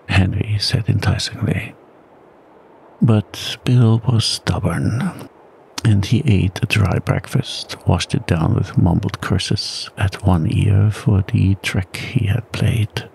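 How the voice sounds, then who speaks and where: A man narrating a bedtime story in a calm, soft-spoken ASMR reading style. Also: deep voice, slow pace, gravelly. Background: blizzard wind sound.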